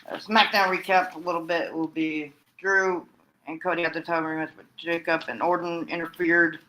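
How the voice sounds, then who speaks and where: A man with a bright, slightly high voice gives a loose spoken recap on his own. He rambles, stops and restarts his sentences, and fills the gaps with "uh" and "and then.". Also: flat delivery, moderate pace, slight background noise, rough recording. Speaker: wrestling fan recapping storylines. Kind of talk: casual solo recap.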